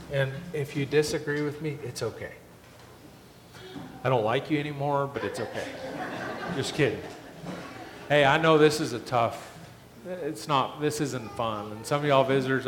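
A man's voice: mid-range voice, background noise. A man preaching a sermon, asking the congregation earnest rhetorical questions. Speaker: pastor. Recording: echoey hall with faint ambience.

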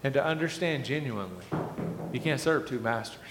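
A man's voice: mid-range voice, expressive, brisk, over music. A man preaching a sermon, asking the congregation earnest rhetorical questions. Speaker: pastor. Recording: echoey hall with faint ambience.

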